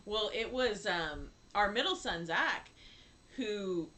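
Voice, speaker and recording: A woman in her fifties co-hosting a casual chat, laughing often and acting out quotes with big jumps in pitch. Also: lively intonation, takes it slowly, pushed and bright, poor audio. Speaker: podcast co-host.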